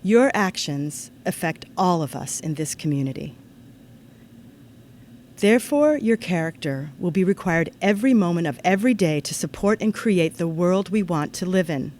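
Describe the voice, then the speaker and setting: Woman, ceremony speech, earnest and measured, lowish voice, faint background noise. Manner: earnest, measured, with animated storytelling. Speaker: ceremony speaker. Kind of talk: formal commencement-style address.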